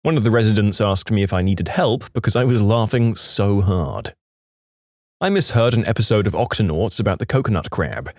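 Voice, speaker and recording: A man reading reader-submitted funny stories aloud as a lively, animated scripted narration. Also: fairly low pitch, moderate pace, dry recording, studio quality. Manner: lively, animated storytelling delivery. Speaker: story narrator.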